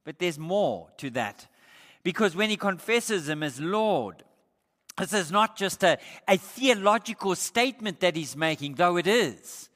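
High bright-voiced guy preaching, punchy on the quotes, big hall echo. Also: expressive, a little slow. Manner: emphatic, swells louder on quoted words. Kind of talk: sermon. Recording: long hall reverb.

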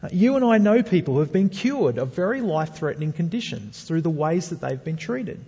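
Fairly high and fairly quick, this man's warm, slightly rough voice swings widely in pitch. He is a pastor preaching earnestly to his congregation with rhetorical questions, heard through dull audio and long hall reverb.

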